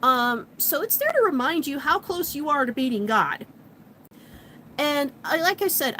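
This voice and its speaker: A woman's voice: high voice, unhurried, a little hiss or hum, low-quality recording. Chatty woman telling a story. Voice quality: chatty, animated retelling with frequent likes and laughs. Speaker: vlogger. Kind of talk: casual storytelling vlog.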